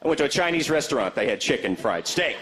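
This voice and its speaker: A male stand-up comedian telling deadpan quips to a live audience. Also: mid-range voice, slight background noise. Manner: deadpan quips, quick jokes. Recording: live show with audience laughter.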